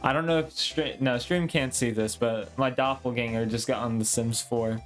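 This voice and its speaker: A man's voice: medium pitch, fairly even intonation, normal speed, soft background music. A man streaming a game live, mocking himself with light chuckles between reading lines. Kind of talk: live gameplay commentary.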